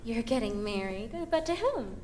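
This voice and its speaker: A woman's voice: a little high, big pitch swings, moderate pace, darkish tone, soft background music. A woman playing a dramatic, flustered young starlet bride in a stage musical, flighty and theatrical.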